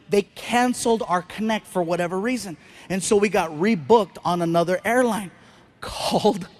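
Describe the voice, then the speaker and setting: High-voiced man doing animated stand-up. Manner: animated, acts out voices and shouts punchlines. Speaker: stand-up comedian. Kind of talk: stand-up storytelling. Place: large live venue with audience.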